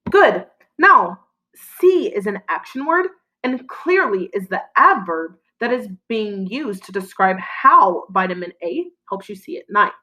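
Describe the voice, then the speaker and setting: A woman teacher giving a recorded lesson to children, prompting them with clear, encouraging call-and-response. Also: medium pitch, sing-song, unhurried, bright, forceful tone, low-quality recording.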